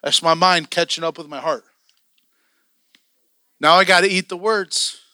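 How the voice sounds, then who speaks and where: A man preaching with fervent, story-driven passion, his voice somewhat high and strikingly bright. The sound is close and dry, with no room around it. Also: unhurried, clean tone, no echo. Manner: passionate, storytelling, often acting out his own excitement. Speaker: church elder preaching. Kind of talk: sermon.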